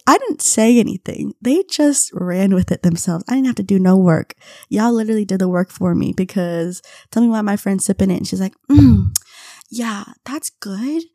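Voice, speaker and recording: A young woman hosting a podcast, telling a casual story with frequent laughs and quick impressions of her friends. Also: mid-range voice, warm tone, dry recording, studio quality. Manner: chatty, laughs often, mimics friends in quotes. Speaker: podcast host.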